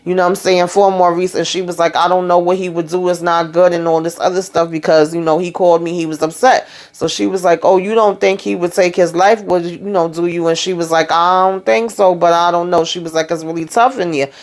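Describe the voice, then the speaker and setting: A woman's voice: lowish voice, fairly even intonation, a little fast, hardly any pauses. Chatty woman recapping a TV episode. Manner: chatty, retelling scenes with quoted dialogue. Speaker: TV show recap host. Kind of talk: casual recap vlog.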